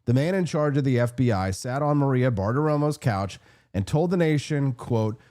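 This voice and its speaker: A man's voice: mid-range voice, animated, moderate pace, mellow. A man hosting a political commentary show, talking in a sarcastic, combative way and reading out viewer comments. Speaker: host.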